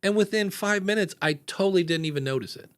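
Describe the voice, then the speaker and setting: A man's voice: sits high, fast talker, a bit bright, clear, resonant tone. Chatty American man hosting a podcast. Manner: rambling, chatty, many fillers. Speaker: podcast host. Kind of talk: casual podcast chat.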